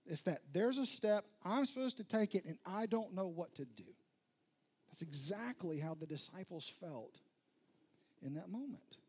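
A man's voice: sits high, lively intonation, normal speed, darkish tone, slightly rough. A male pastor preaching a sermon in a conversational storytelling way, with emphatic repeated phrases.

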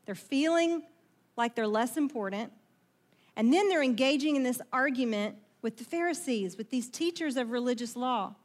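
High-voiced woman preaching a lively sermon. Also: normal speed. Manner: conversational, animated, asks the audience questions; acts out quoted voices in the story. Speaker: pastor.

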